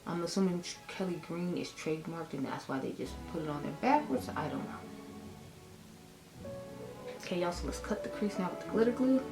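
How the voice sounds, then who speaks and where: A woman rambles casually through a makeup tutorial, calling her viewers y'all. Her voice sits a little low. She is recorded in an echoey room at home, with music clearly audible behind her. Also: animated, normal speed, long pauses. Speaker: beauty vlogger.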